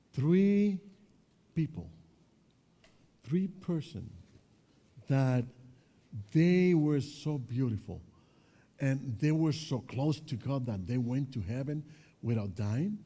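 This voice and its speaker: A man leads a children's Bible lesson, keeping the kids involved with questions. His voice is very dark and mellow, and he sits at an average pitch. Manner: asks the children questions, mixes in Spanish.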